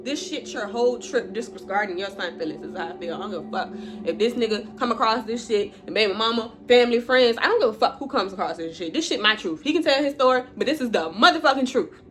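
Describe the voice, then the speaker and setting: A woman's voice: mid-range voice, animated, fast talker, a bit bright. A woman telling a personal story in a storytime vlog, blunt and profane, emotional, breaking into laughs now and then.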